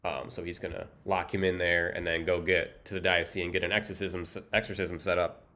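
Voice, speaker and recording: A man casually recapping a film plot with deadpan humor, rambling and filling gaps with "um" and "like". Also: sits low, brisk. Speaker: movie recap host.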